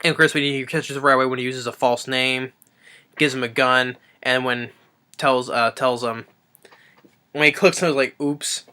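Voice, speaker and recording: A man's voice: medium pitch, steady tone, normal speed, pushed and bright, clear, resonant tone. A man giving a casual, rambling, enthusiastic recap of a movie's plot as a reviewer, now and then acting out the characters' lines. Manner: rambling and enthusiastic, acts out quotes.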